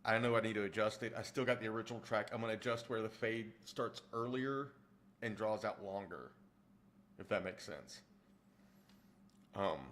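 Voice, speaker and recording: A streamer and audiobook narrator answers livestream chat about his narration work, rambling casually and often restarting sentences. His voice sits on the low side with a fairly bright tone.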